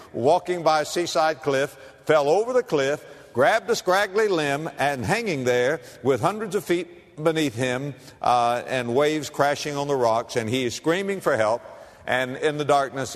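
Man preaching in a reverberant hall. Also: mid-range voice. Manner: preaching with big swings from hushed to emphatic; plays out little scenes in the voices of the people in his stories. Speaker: pastor. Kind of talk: sermon. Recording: long reverb of a large hall.

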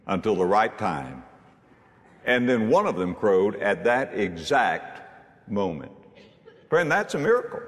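A preacher delivering a sermon, rising to high emphatic lines and dropping to hushed low tones. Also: male voice, long reverb tail.

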